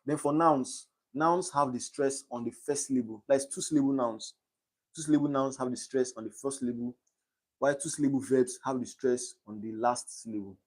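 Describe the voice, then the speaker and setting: A man's voice: medium pitch, fairly even intonation, brisk, darkish tone. Young man tutoring on a live stream. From Nigeria. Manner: reads quiz options aloud and checks understanding.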